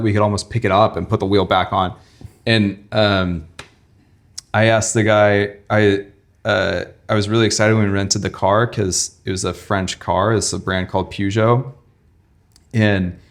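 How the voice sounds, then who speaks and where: Co-hosting a podcast at a moderate pace, a young man with a lowish voice tells a casual story about a travel mishap. He rambles and gets animated, acting out the quoted exchanges.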